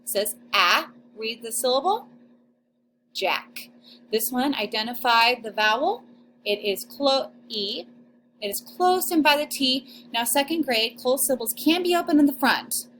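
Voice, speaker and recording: A young adult woman teaching a recorded phonics lesson to second graders, sounding out vowels and syllables slowly and clearly. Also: high-pitched, a bit bright, a little hiss or hum. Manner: slow, exaggerated sounding-out of syllables.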